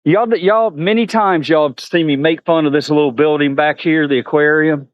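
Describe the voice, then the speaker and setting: A man's voice: on the high side, fairly even intonation, normal speed, clean tone, dry recording, highs cut off. A man vlogging outdoors at a zoo, chatting to viewers and talking to the animals. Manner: chatty, laughs often, talks to animals. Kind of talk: casual chat to viewers.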